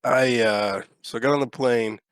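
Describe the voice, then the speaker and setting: A man co-hosting a podcast, telling a long anecdote in a casual, profane and animated way, acting out the lines people said. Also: mid-range voice, moderate pace, clean tone, no echo. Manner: animated, profane, acts out quotes. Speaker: podcast co-host. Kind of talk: casual storytelling chat.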